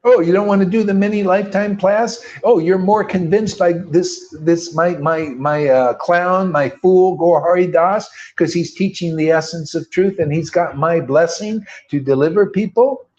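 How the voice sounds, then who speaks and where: A man's voice: sits high, moderate pace, few pauses, darkish tone, close to an everyday voice. A man voicing a breezy, welcoming male deity who speaks in an offhand, chummy way during a sermon. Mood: teasing. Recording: dull lo-fi recording.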